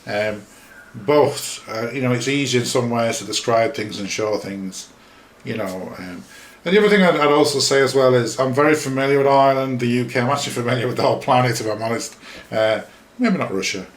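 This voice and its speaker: A man's voice: medium pitch, a little fast, reverberant. A man hosting a solo podcast, talking casually in a rambling, self-deprecating way with many fillers. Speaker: podcast host.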